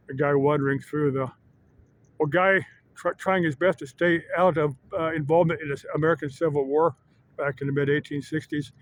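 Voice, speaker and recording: A man vlogging in a casual, rambling monologue that halts often on filler pauses. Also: a little high, a little hiss or hum. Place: Arizona.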